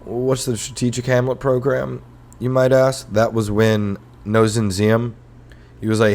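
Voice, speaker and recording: A man's voice: mid-range voice, monotone, unhurried, darkish tone. A young adult man hosting a comedy history podcast, ranting irreverently with sarcasm, swearing, and rambling fillers. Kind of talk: casual comedic rant. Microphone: headphones and podcast mic.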